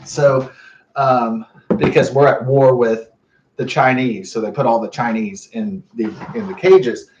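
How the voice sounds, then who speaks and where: A young man rambling in a halting monologue, full of fillers and restarts. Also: medium pitch, steady tone, darkish tone, a little hiss or hum. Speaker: vlogger. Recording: roomy, muffled, from a distance.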